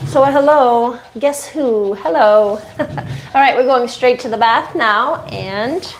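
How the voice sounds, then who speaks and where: Chatty woman groomer, higher voice. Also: slow, slight background noise, rough recording. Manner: chatty, talks to the dog and viewers while working. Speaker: dog groomer. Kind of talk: casual live-stream chat while grooming. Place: grooming room with a bath.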